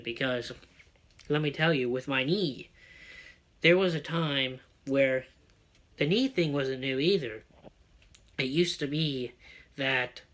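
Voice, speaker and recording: A man telling a personal story as a rant, excitable and full of swearing. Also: mid-range voice. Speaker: vlogger.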